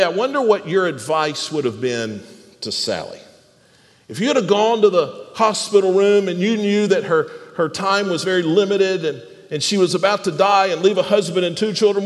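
A male pastor preaching with a high, very lively voice that swings up and down. He restarts phrases by repeating words and throws questions out to the congregation, and his voice rings with the long echo of a church hall. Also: moderate pace. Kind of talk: sermon.

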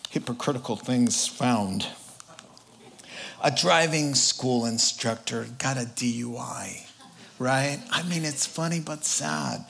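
A man's voice: mid-range voice, vocal fry, a bit bright, a little hiss or hum. A man preaching a sermon as pastor, in a conversational, joking way that often acts out quotes.

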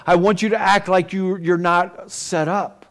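A man's voice: high-pitched, steady tone, a little slow. Man voicing a pleading, frightened mother. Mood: coaxing. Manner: pleading, soft and earnest. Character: anxious Hebrew mother coaxing her young daughter.

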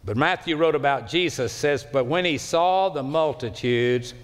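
Preaching in a big church sanctuary with long reverb, this pastor sweeps through wide swings in pitch and volume, from high, loud cries to soft, low passages. He draws key words out slowly for emphasis.

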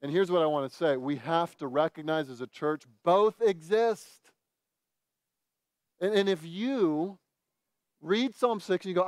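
With a fairly high voice and an unhurried delivery, a male pastor gives an earnest sermon, occasionally slipping into lively impressions of his congregation's likely remarks. There's no room sound.

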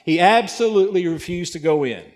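A man's voice: high-pitched, lively intonation, brisk, big-room sound. A man preaching a sermon, retelling a parable with emphatic, repetitive phrasing. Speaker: pastor.

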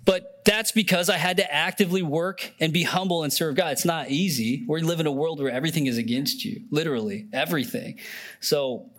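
A man's voice: on the high side, a little fast, fairly bright tone. A young man preaching a sermon in an earnest, conversational way, often emotional and near tears, with many fillers and restarts. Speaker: pastor.

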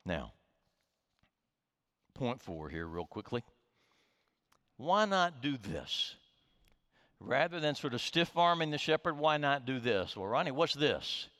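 A man's voice: medium pitch, very animated, slow, pauses often, a bit bright, big-room sound. A man preaching a sermon as pastor, earnest and emphatic, his delivery rising and falling.

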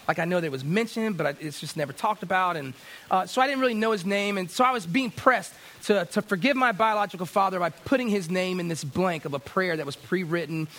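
A man's voice: high voice, fast talker, a bit bright. A middle-aged man preaching a sermon, telling a personal story in a conversational way with many restarts and growing emphatic. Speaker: pastor.

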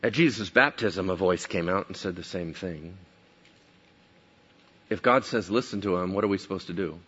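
A man preaching a sermon, animated, acting out the people in the story as he goes. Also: low voice, moderate pace, breathy edge, highs cut off. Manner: animated, acts out biblical characters. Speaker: pastor.

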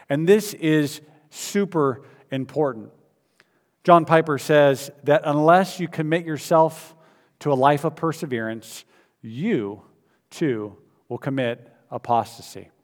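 Man preaching in a reverberant hall. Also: mid-range voice. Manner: conversational storytelling with frequent fillers and restarts. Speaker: pastor. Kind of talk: sermon.

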